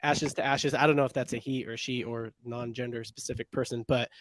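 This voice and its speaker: A man co-hosts a casual sports podcast, joking around and calling out the names of viewers in the chat. His voice is medium in pitch and steady, and he talks fairly quickly.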